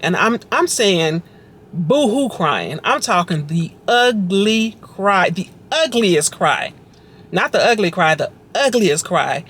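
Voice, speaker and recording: A woman's voice: mid-range voice, expressive, a little slow, a bit bright. A woman vlogger telling her personal faith story in a conversational, reflective way, often repeating phrases for emphasis. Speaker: vlogger sharing her testimony.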